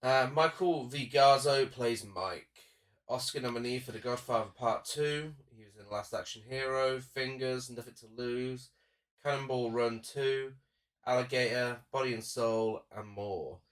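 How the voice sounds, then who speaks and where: A male podcast co-host talks through a film's cast in an easy, enthusiastic way. His voice sits at an ordinary pitch and sounds slightly distant from the microphone. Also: a little slow, fairly bright tone. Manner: enthusiastic, lists cast credits. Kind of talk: casual film review chat.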